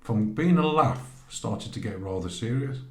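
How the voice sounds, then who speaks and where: A lively man from Great Barr, England, tells a travel story as a podcast guest, his voice on the low side and his pace a little slow. It's a casual anecdote, animated, with him acting out both sides of conversations in quoted voices. The recording has a roomy echo.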